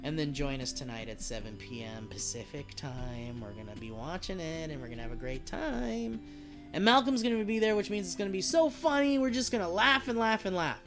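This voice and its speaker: A little high and expressive, this man's voice moves briskly with a slightly bright quality over soft background music. He's live-streaming a video game, rambling casually, joking and swearing freely as he talks to his chat.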